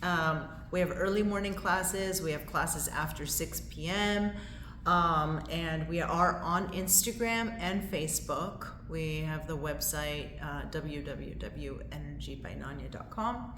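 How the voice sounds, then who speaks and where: A woman with a slightly low voice talks casually and in detail about her spin studio, laughing easily. She sounds like she is in an echoey room with a faint hiss underneath. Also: a little slow, fairly bright tone. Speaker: spin studio owner, guest. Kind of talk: casual interview chat. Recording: echoey room with light noise.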